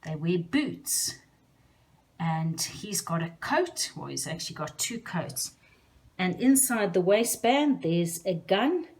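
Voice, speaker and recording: Slow sing-song teacher woman. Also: fairly low pitch, very animated, darkish tone. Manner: slow, sing-song, speaks directly to kids. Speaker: children's teacher. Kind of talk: lesson for young children.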